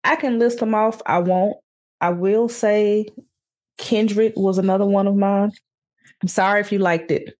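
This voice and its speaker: Husky woman ranting on a podcast. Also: medium pitch, measured pace. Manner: animated ranting, addresses listeners as y'all. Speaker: podcast co-host. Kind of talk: casual chat.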